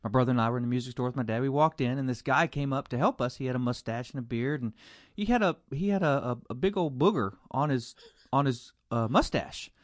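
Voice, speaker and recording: Animated storytelling pastor. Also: male voice, medium pitch, fast talker, no room sound, studio quality. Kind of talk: casual podcast conversation.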